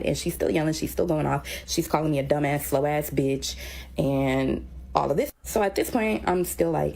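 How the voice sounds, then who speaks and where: A woman's voice: low voice, brisk, gravelly, a little mellow. A young woman who teaches, dryly retelling an argument in casual storytelling.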